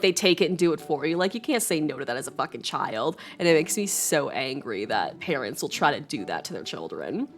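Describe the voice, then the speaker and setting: A woman's voice: low-pitched, animated, a little fast, hardly any pauses. A woman streaming a story game, reading it aloud and ranting passionately in between, swearing often. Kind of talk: casual let's-play commentary with character voices.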